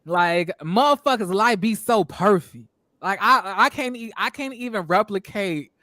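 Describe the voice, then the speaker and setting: A young man hosting a casual reality TV review show, animated and profane, laughing often and putting on voices when he quotes people. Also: sits high, a little slow, dry recording. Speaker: show host.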